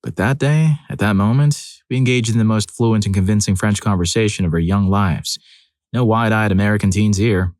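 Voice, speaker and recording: A man with a low voice reads out listener stories in a scripted narration style, putting on the characters' quoted lines as he goes. The recording is close and dry, with no room sound around him. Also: darkish tone, no echo.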